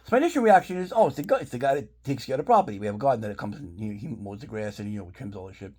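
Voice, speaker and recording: A man's voice: lowish voice, racing, husky. A man rambling through a casual storytime, swearing often as he retells events. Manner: rambling, profanity-laced, animated retelling. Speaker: vlogger telling a story.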